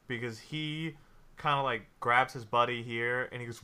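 A man's voice: medium pitch, fairly even intonation, normal speed, sharp tone, smooth. A man narrating a tabletop game as game master, in a loose style with many fillers.

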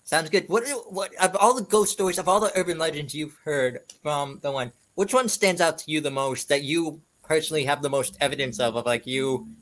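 A man's voice: fairly high pitch, brisk, hardly any pauses, a bit bright. A man hosting a podcast, asking chatty, casual questions. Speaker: podcast host.

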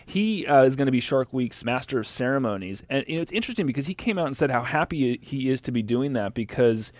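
A man's voice: medium pitch, lively intonation, fast, no echo. A man hosting a radio interview, asking questions in a conversational way with hesitant fillers. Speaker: radio host.

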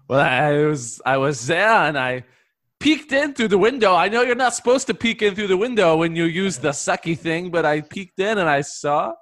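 A man playing a bashful newcomer at a support group, halting and sheepish, with an unconvincing put-on French accent. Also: high voice, expressive, a bit bright. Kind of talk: improvised comedy role-play.

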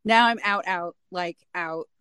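A woman's voice: on the low side, unhurried, sharp tone, smooth, dry recording. A woman in her forties from Nevada, a guest in a casual chat, who talks freely and acts out the voices in her stories. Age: 40s. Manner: chatty, acts out quoted dialogue.

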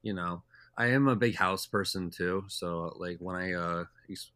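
Deep-voiced rambling young man. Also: unhurried, sharp tone, no echo. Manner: rambling, heavy with "like" and "uh" fillers. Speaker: podcast guest. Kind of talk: casual storytelling chat.

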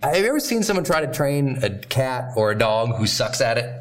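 A man hosting a motivational training talk, coaching in a direct, emphatic way with quick asides. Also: medium pitch, very animated, soft background music. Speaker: host and coach.

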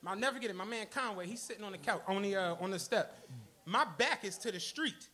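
A man spins a profane story for a live crowd, voicing each person he quotes. His voice sits very high and sounds bright and forceful. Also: quick pace. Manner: animated, profane, acts out the people in his stories. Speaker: podcast co-host. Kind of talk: live storytelling before an audience. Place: stage of a comedy club.

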